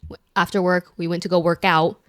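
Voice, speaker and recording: A young woman co-hosting a podcast, telling stories in a casual, animated way with lots of fillers. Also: on the low side, brisk, dry recording, clean studio sound. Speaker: podcast co-host. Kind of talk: casual chat.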